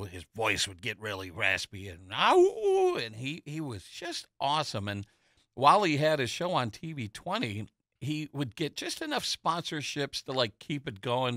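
Lower-voiced, bright host reminiscing casually. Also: male voice, dry recording, studio quality. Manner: chatty, nostalgic storyteller with many fillers. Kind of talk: casual chat. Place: local TV studio. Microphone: studio microphone.

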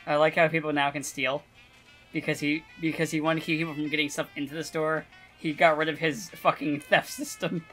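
A man's voice: a little high, level tone, fairly quick, fairly bright tone, faint music behind, poor audio. A man chatting casually while playing a game, swearing freely. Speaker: player. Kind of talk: casual gameplay chat.

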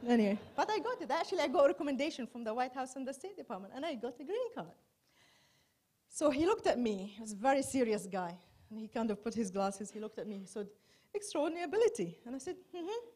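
High-voiced woman telling self-mocking stories. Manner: chatty, self-mocking storytelling with wry asides. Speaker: journalist doing stand-up. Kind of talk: stand-up comedy set. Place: large hall before a live audience.

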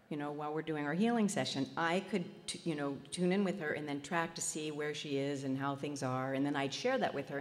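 Woman telling a story in a reverberant hall. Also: low voice. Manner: warm self-deprecating storyteller who laughs at herself. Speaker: spiritual healer speaking at a festival. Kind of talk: personal storytelling talk.

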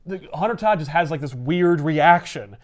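A man co-hosting a casual comics chat, recapping a story and acting out the characters' lines. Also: fairly high pitch. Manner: animated, acts out characters' lines in quick voices. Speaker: comics podcast co-host.

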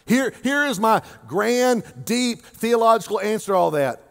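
A man from Oklahoma preaches a sermon as lead pastor, his voice pitched high for a man. He jokes freely and stretches words out for emphasis. He swings from loud bursts to near-murmured asides. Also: vocal fry. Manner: animated, joking, swings between loud and quiet, drawn-out emphasis.

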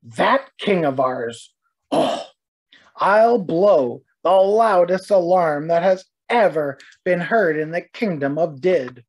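A blustering royal trumpeter in a storybook, as a woman puts him on. He grumbles indignantly in a lowish voice, slow and deliberate. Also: expressive, a little mellow, breathy edge, heavily acted. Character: sleepy, indignant male trumpeter.

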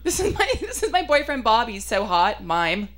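A young woman doing a stand-up comedy set in a slightly high voice. She talks in a chatty, self-mocking way and lands her lines with punchy asides. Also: very animated, normal speed, background noise.

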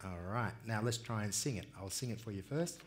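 A man's voice: fairly low pitch, brisk, background noise. A man leading a conference audience in a call-and-response song, encouraging and upbeat, calling out and demonstrating. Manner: upbeat, encouraging, calls out and sings examples. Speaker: music and dance workshop leader. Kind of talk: leading a group singing workshop.

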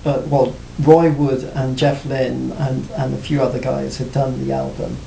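A former band cellist reflects on his music career in a casual interview, hesitant and restarting often with plenty of "you know." His delivery is flat, with vocal fry and a dark tone, and the recording is roomy with a faint rumble.

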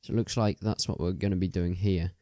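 Chatty deep-voiced young man. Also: fairly even intonation, a little fast, mellow, dry recording, studio quality. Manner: rambling, chatty, many ums and restarts. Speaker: gaming video host. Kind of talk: casual game commentary.

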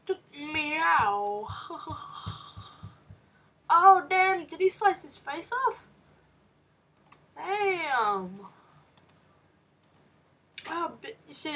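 High-voiced woman reacting to a game. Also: distant mic. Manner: excitable, reads game text aloud with reactions. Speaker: let's play gamer. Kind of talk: casual game commentary.

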